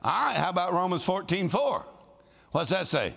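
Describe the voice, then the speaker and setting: Animated preacher with gravelly voice. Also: male voice, high-pitched, moderate pace. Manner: animated, calls for responses, shouts scripture. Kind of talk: lively sermon to a congregation. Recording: live sermon in a large hall with long reverb.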